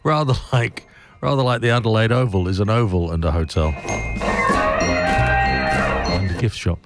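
Deep-voiced man rambling through trivia. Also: moderate pace. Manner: rambling, chuckling, self-correcting. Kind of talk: comic trivia monologue. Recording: loud music behind.

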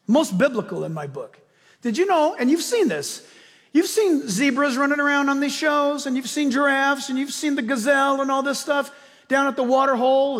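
A male pastor preaching a sermon with animated storytelling, acting out voices along the way. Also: extremely high pitch. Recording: long reverb of a large hall.

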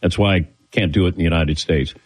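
A man with a fairly low voice hosts a casual talk show. He tells stories in a loose, rambling style and slips into other people's voices when he quotes them. His delivery is conversational and unpolished. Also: fast talker, rough recording. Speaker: show host. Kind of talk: casual anecdotal storytelling.

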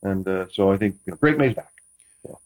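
A man's voice: low voice, fairly quick, poor audio. A man, a former quarterback, chatting casually as a guest, rambling with frequent restarts and playful teasing. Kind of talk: casual chat.

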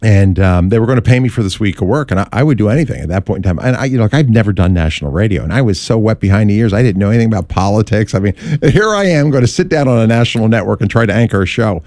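A middle-aged man, a talk radio host, telling his career story in an interview with lively storytelling and voiced quotes. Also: on the low side, rapid-fire, hardly any pauses, dry recording, studio quality.

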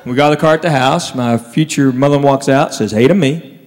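A man doing a stand-up set, telling stories with animated impressions. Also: mid-range voice, a little fast, in a large hall. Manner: Southern storytelling, animated impressions. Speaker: stand-up comedian.

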